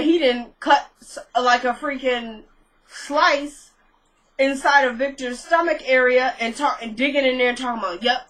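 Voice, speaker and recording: A woman's voice: fairly high pitch, a bit bright, low-quality recording. A woman chatting casually to her viewers as she recaps a TV episode, thinking aloud and questioning what she saw.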